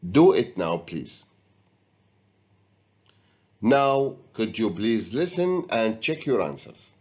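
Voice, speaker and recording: A man's voice: fairly low pitch, sing-song, slow pace, darkish tone. A man teaching an English lesson, giving patient step-by-step instructions to students. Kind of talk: recorded classroom lesson. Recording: dull lo-fi recording.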